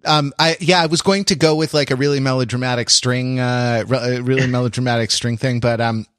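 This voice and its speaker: A man's voice: medium pitch, fairly even intonation, fairly quick, a bit bright, dry recording. Podcast host guy, rambly, lots of ums, dry close sound. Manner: rambling, many restarts and fillers. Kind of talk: casual podcast chat.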